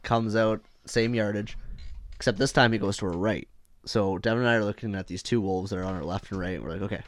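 A man telling a hunting story in casual chat, animated and acting out what people said. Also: lowish voice, quick pace. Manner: animated storyteller, acts out quotes. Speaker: hunter telling a trip story.

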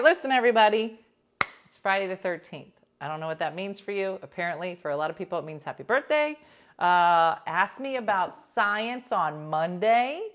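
Woman radio host, middle-aged, casual chat, animated storytelling, slightly low voice.

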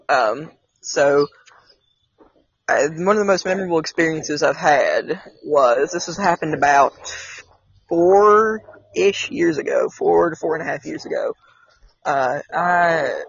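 A man's voice: fairly high pitch, creaky, slight background noise. A man hosting a casual podcast, telling his own experiences in a rambling, hesitant way with many restarts. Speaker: podcast host. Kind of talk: casual storytelling chat. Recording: slightly dull, dry sound.

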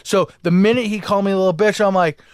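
A man in his forties co-hosting a podcast, telling a story in an animated, profane way and acting out what people said. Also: sits high, fast, clean tone, no room sound, clean studio sound. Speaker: podcast co-host. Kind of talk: casual storytelling chat.

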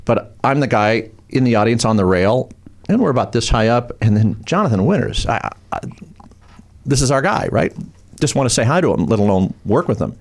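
A middle-aged man, a comedian and former TV host, telling stories in a lively chat and slipping into voices. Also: mid-range voice, vocal fry. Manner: rapid, animated storyteller who slips into voices. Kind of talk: casual chat, storytelling.

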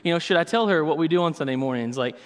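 Man pastor, slightly high voice, chatty storytelling sermon, big reverberant hall. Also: lively intonation, rapid-fire. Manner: storytelling, casual asides with many fillers.

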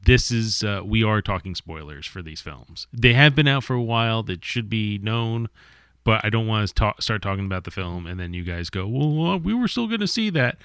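Deep-voiced man reviewing films, stammering. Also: moderate pace, a bit bright, clean tone, dry recording, studio quality. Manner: hesitant, stammering restarts. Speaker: podcast co-host, movie reviewer. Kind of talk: casual movie review chat.

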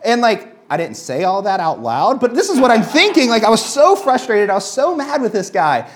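A man's voice: sits high, moderate pace. Guy in his 30s preaching casual, storytelling, voice jumps all over. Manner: conversational storytelling with lively swings. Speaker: pastor. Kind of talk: sermon.

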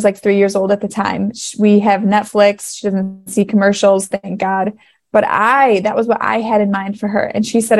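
A woman's voice: mid-range voice, a little mellow. Earnest, emotional woman podcaster. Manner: emotional, earnest, laughing through tears. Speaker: podcast host. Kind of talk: casual faith podcast monologue.

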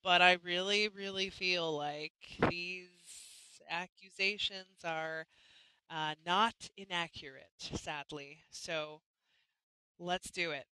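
A woman's voice: lowish voice, steady tone, slow, bright, forceful tone, smooth, no room sound, poor audio. A woman hosting a live chat show, talking casually and chattily, often restarting and apologizing. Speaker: host.

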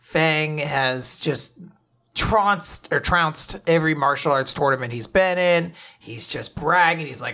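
A man chats casually on a podcast, walking through a comic chapter and jumping into quick impressions of the characters. His voice sits slightly high and rings bright. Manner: recaps scenes by acting out characters' lines. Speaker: podcast co-host. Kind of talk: casual manga recap chat.

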